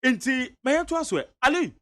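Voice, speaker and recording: A man with a Ghanaian accent hosting a radio talk show, lively and mixing Twi with English. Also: extremely high pitch, brisk. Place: radio studio.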